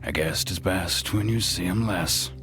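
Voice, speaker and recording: A woman voicing a gruff, dry-spoken townsman in a game in a low murmur. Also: a little slow, fairly bright tone, soft background music, full character voice.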